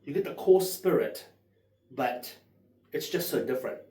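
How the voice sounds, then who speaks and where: A man's voice: a little high, expressive, normal speed, mellow, recorded from a distance. Sweary man reviewing whisky in an echoey room. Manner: sweary, rambling, enthusiastic tasting notes. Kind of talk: casual tasting vlog.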